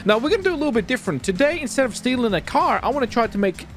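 Lively, joking young-sounding male streamer. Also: extremely high pitch, very fast, faint music behind. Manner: joking, excitable, swearing. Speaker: role-play streamer. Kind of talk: casual game role-play commentary.

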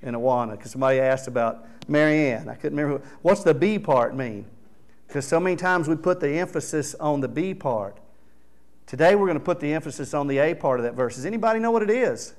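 A man's voice: a little high, expressive, fast talker. A man preaching a sermon as pastor, earnest and exhorting, reading scripture aloud with rising emphasis.

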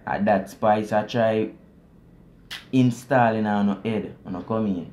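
A man with a Jamaican accent hosting a reaction video, explaining song lyrics in casual, animated patois and chuckling often. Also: lowish voice, measured pace, very noisy. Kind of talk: casual commentary.

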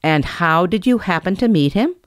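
A woman's voice: lowish voice, expressive, moderate pace, dry recording, clean studio sound, voice pushed up, lightly acted. A woman voicing a stern mother bear scolding her cubs firmly. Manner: firm, scolding.

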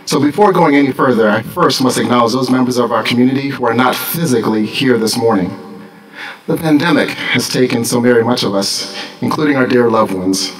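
A man's voice: medium pitch, a bit bright. Middle-aged male principal, distant mic. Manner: formal address with dry jokes. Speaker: school principal. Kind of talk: commencement speech. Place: large graduation ceremony.

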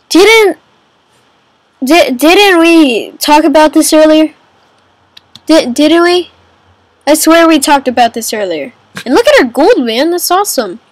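A woman's voice: high-pitched, no room sound, poor audio. A woman giving casual let's-play commentary on a kingdom game, chatty and exclaiming, calling everyone man and dude. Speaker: gamer playing a kingdom game.

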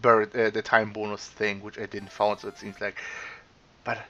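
A man's voice: fairly low pitch, flat delivery, normal speed, sharp tone, muffled recording. A man playing through a retro game, who yelps, swears and talks back at the screen, then gives a rambling wrap-up full of restarts. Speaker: gaming channel host. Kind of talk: let's play commentary.

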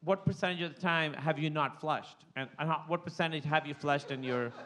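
A man speaking in a higher voice on a comedy podcast. He talks bluntly and presses with incredulous questions. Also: a little fast, bright, forceful tone. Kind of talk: comedic casual chat.

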